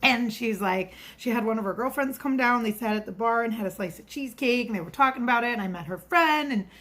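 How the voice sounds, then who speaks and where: Woman vlogger, middle-aged, slightly high voice, loose chatty confessional delivery. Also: quick pace, a bit bright. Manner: chatty, rambling storyteller. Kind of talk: casual confessional vlog.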